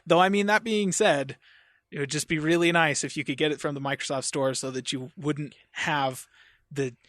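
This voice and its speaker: Higher-voiced man in dry casual chat. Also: steady tone, a bit bright, no room sound. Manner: chatty, laughs often, quick asides. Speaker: podcast co-host.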